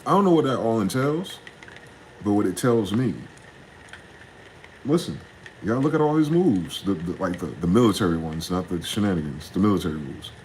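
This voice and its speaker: A young man, ranting in a casual, profane solo monologue, jumping from heated questions to low muttering. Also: animated, normal speed, a little mellow, a little hiss or hum, rough recording. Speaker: podcast host.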